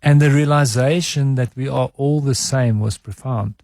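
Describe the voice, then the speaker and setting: A middle-aged man talks openly about himself as a radio studio guest. His voice is gravelly and mellow, close on a dry studio mic. He speaks with candour and feeling. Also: mid-range voice, moderate pace, no room sound. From South Africa. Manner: candid, emotional, self-searching. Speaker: advertising executive, radio guest. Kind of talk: reflective interview talk. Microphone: studio mic with headphones.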